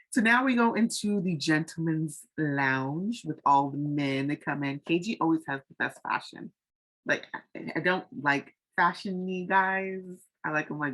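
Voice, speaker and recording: A woman's voice: deep voice, a bit bright, low-quality recording. A woman casually recapping a reality dating show, chatty and frank, with lots of fillers. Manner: chatty, loose, heavy on fillers like "um" and "like"; frank and opinionated. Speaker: TV recap vlogger.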